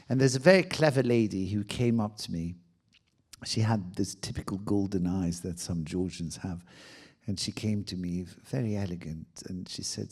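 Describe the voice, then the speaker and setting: French guy, middle-aged, animated storytelling, slightly low voice. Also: moderate pace. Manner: animated anecdote telling with acted-out quotes. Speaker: guest. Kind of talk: conversational storytelling.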